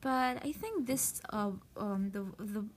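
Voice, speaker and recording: A woman's voice: medium pitch, slow pace. A woman who speaks English as a second language, hosting a casual podcast and chatting loosely with many fillers and restarts. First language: not English. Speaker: podcast host. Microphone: voice message recording.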